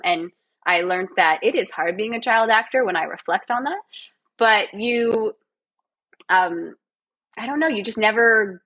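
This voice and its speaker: A woman's voice: mid-range voice, fairly bright tone. Bubbly Canadian woman guest. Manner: bubbly, self-deprecating, laughing often. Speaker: podcast guest. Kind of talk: casual podcast interview.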